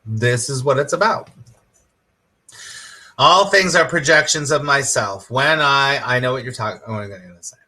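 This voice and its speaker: A man's voice: mid-range voice, normal speed, sharp tone. A middle-aged man, a spiritual teacher, teaching on a live stream with enthusiasm, repeating his points and quizzing viewers by name.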